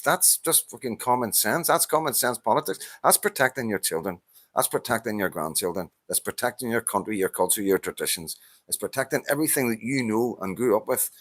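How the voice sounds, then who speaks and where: A fired-up Northern Irish man talks straight at his viewers. He swears freely and trips over his words in rapid restarts. His voice sits in an ordinary middle pitch, recorded close and dry. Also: a bit bright, dry recording. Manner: agitated, swears often, stammering restarts. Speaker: vlogger answering a viewer's comment. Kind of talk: heated casual monologue.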